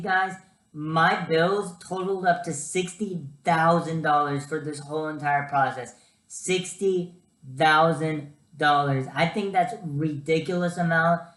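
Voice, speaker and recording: A slightly high-voiced young man vlogs casual advice as a student, his chatty, animated storytelling sprinkled with ums and uhs. The recording has a roomy sound.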